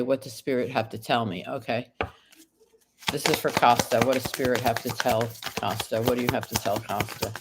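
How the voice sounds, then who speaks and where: There's background noise behind this woman, whose voice is extremely low in pitch. She's on a live stream reading tarot, voicing her viewers' questions and answering them card by card as she recovers from an illness.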